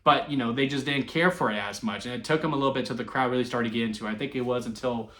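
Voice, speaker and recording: A man's voice: mid-range voice, rapid-fire. Chatty man reviewing in an echoey room. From Texas. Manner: chatty and animated, laughs often, restarts and fillers. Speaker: wrestling reviewer. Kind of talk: casual solo review.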